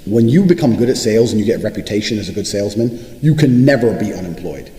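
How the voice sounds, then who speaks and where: A man's voice: on the low side, expressive, fast talker, dark tone. A man delivering an unscripted monologue to camera, boastful and profane, with a swaggering manner. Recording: echoey room with long reverb.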